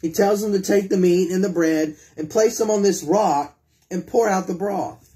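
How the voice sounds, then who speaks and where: Male preacher with a fairly high voice, reads scripture aloud, puts questions to the congregation, voices pleading prayers. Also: normal speed, dark tone. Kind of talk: sermon.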